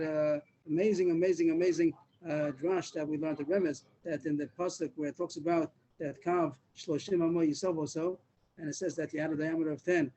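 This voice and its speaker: A man's voice: a little high, warm tone, poor audio. A man teaching a Talmud class over a video call, explaining step by step with repeated words and restarts. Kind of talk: Daf Yomi class.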